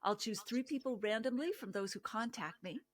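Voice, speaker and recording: A woman's voice: a little high, lively intonation, normal speed. A middle-aged woman hosting a wine podcast, introducing her guest and chatting with enthusiasm and frequent laughs. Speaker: podcast host. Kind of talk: interview host intro and chat.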